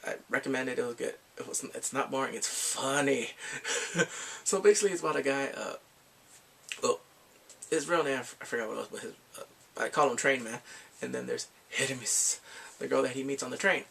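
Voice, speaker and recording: A man giving a casual, rambling movie review, laughing often and acting out quotes in high voices. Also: a little fast, gravelly, fairly bright tone, slightly rough.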